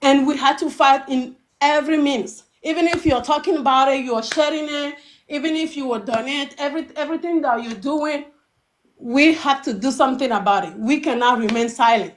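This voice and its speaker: A woman from Togo, calling in to a live show and speaking with deep emotion, often repeating and restarting her words. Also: normal speed, a little hiss or hum. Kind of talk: impassioned call-in testimony.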